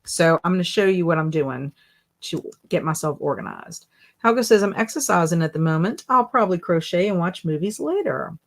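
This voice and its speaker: A woman hosting a casual live stream, chatty and animated as she reads viewer comments aloud and reacts to them. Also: lowish voice, brisk, creaky. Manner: animated and emotional. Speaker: livestream host.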